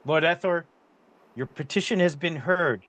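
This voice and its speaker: A man's voice: on the high side, moderate pace, a bit bright, no echo, close to an everyday voice. A man voicing a commanding queen who speaks firmly with authority. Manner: firm, authoritative decree. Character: commanding queen presiding over a council.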